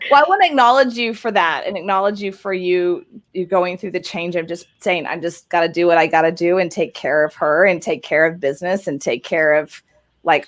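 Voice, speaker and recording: A woman hosting a casual interview over a video call, encouraging her guest and often adding "right?". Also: fairly low pitch. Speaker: host.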